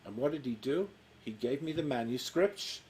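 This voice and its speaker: A man's voice: medium pitch, animated, normal speed, poor audio. A man in his sixties, a cantor, telling his life story in a casual interview and acting out the dialogue. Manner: warm storyteller, acts out quoted dialogue. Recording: faint background noise.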